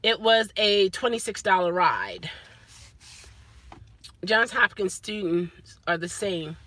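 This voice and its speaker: Animated bright-voiced woman driver. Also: medium pitch, slow pace, no echo. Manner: animated, mimics passengers, laughs often. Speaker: rideshare driver vlogger. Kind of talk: casual vlog rant.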